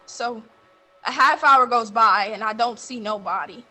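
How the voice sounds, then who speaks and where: A woman playing a blunt middle-aged man who runs a coastal mission, telling his story on stage and getting heated and loud. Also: on the high side, unhurried, soft background music, full character voice. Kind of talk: stage monologue from interviews.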